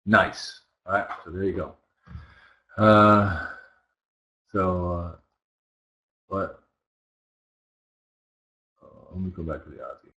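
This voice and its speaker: A man's voice: low voice, slow, long pauses, sharp tone, lo-fi sound. A man teaching currency trading, talking casually through his charts and often checking in with listeners. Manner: conversational, talks while working, asks listeners rhetorical checks. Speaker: trading instructor. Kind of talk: live chart walkthrough.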